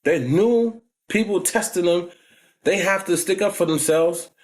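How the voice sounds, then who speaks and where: Here the vlogger, a man in his forties from New York with the accent to match, speaks in a high-pitched voice and a little slowly. He tells stories from his past casually, full of street slang and frequent "you know what I'm saying."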